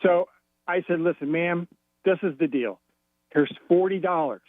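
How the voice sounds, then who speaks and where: A man's voice: high-pitched, normal speed, dry recording. A man calling in to a radio show, retelling a quarrel and acting out both voices. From Florida. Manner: animated storyteller acting out both sides of a quarrel. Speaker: caller. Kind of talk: telling a story on a radio call-in. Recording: tinny phone line, dry.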